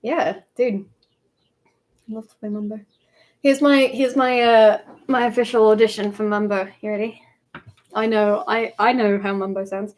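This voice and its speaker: A woman's voice: medium pitch, steady tone, moderate pace. A young woman streaming live in casual chat, playful and laughing often.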